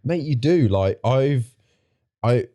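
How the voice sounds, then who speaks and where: A man's voice: medium pitch, lively intonation, slow, mellow, muffled recording. A man appearing as a podcast guest, making his points emphatically, opinionated and given to repeating himself. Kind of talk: casual podcast chat.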